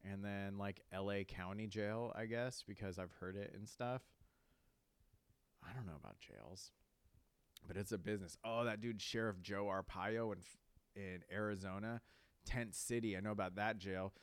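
Chill socal dude rambling podcast stories, deep smooth voice, super dry mic. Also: male voice, moderate pace, dry recording. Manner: rambling, swears a lot, says "like" often. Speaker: podcast host. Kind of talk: casual storytelling monologue.

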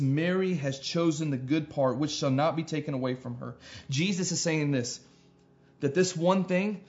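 A man preaching a sermon as pastor, earnest, repeating phrases and building to emphatic peaks. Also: on the high side. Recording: dull lo-fi sound.

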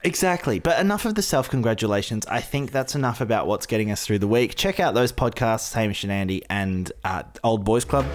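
A woman's voice: a bass voice, expressive, brisk, hardly any pauses, soft background music. A woman co-hosting a podcast, chatting casually, laughing often and trailing off into restarts. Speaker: podcast co-host. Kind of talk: casual chat.

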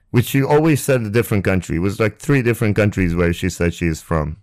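A man's voice: fairly low pitch, fast talker, few pauses, no room sound, clean studio sound. Rambling, profane man telling a story. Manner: rambling and profane, full of fillers. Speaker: podcast host. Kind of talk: casual storytelling. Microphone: close ASMR mic.

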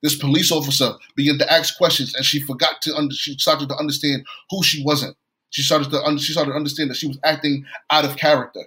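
A man's voice: a little high, level tone, fast, pushed and bright, low-quality recording. A man from New York preaching a sermon, telling a story and often repeating and restarting his phrases.

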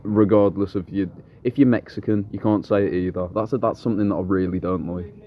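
Blunt, very low-voiced young man. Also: fairly even intonation, a little fast, highs cut off. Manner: blunt, swears freely, rambling anecdotes. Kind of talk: casual chat.

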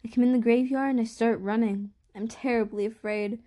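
A woman's voice: on the high side, steady tone, fairly quick, dark tone, close to an everyday voice. A woman reading an audiobook, voicing a superstitious older aunt who tells a nightmare with hesitant fear. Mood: fearful.

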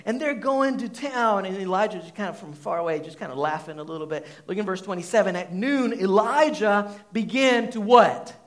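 Animated high-voiced male pastor. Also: moderate pace, hardly any pauses. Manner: conversational, animated, many "like" fillers, asks the audience questions. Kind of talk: sermon. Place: church hall before a congregation.

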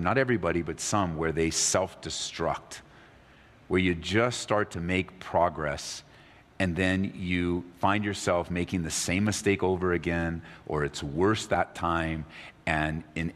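Low-voiced man preaching in a reverberant hall. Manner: animated preaching, voice climbing high when excited. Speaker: pastor. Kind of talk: sermon. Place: church hall with audience.

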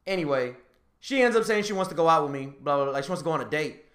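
A man's voice: racing, reverberant. A man hosting a podcast, telling a dating story in casual chat and laughing as he gets worked up. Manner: animated, laughing storyteller, rises high when excited. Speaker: podcast host.

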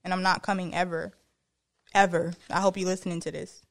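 A woman's voice: on the low side, level tone, fairly quick, gravelly. A woman hosting a podcast in casual chat, blunt and sassy with teasing asides. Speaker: podcast host.

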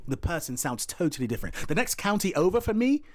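A man's voice: high voice, fast talker, no room sound. An English man with a Dorset accent talks in a slightly raised voice, going over his point again and again. It is loose, casual podcast chat with a co-host. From England. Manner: explains at length, repeats himself, lively.

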